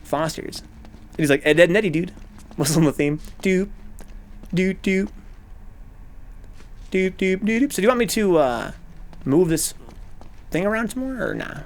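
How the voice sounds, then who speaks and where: A man streaming a video game, talking casually with animated, profane, rambling rants. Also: a little high, brisk, pauses often. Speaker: gaming streamer. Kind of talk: casual let's-play commentary.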